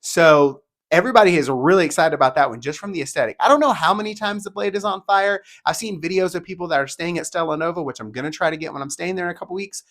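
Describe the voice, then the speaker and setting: A man talking casually and enthusiastically as a theme park vlogger, partly reading descriptions aloud in a rapid-fire, chatty way. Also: fairly high pitch, a bit bright.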